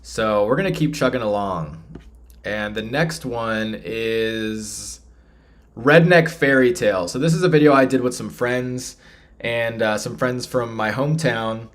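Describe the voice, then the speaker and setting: A man's voice: medium pitch, a little slow. A man from Texas rambling casually as he hosts a live stream and reads the chat. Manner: rambling and chatty, with restarts.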